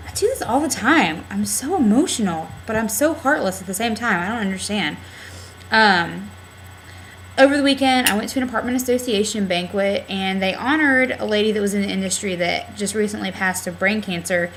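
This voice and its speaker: A woman's voice: medium pitch, normal speed, a bit bright, a little hiss or hum, low-quality recording. A young adult woman talking candidly in a casual video diary on a webcam, rambling with lots of fillers. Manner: rambling, candid, heavy use of "like" and "um". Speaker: vlogger.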